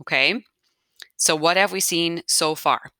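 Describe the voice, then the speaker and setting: A woman's voice: fairly low pitch, measured pace, sharp tone, no echo, studio quality. Patient woman teaching a grammar lesson. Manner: patient, repeats key points, checks in with "okay?". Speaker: Spanish teacher.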